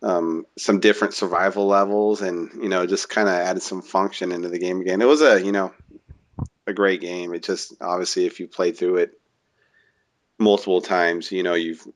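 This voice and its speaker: A young man with a deep, low voice co-hosts a casual gaming podcast. He talks in a relaxed, halting way and fills his pauses with "uh" and short chuckles. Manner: laid-back, halting, many "uh"s, chuckles. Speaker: podcast co-host. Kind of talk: casual chat.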